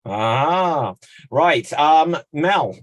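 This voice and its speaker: A man hosting an online improv game over a video call, brisk, playful and teasing. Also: on the high side, lively intonation. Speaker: host.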